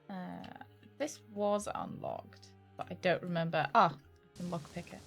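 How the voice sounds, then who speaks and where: British woman streamer, playful and teasing, mid-pitched voice, faint music underneath, casual game-stream chatter. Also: moderate pace, gravelly, sharp tone. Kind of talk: casual let's-play chat.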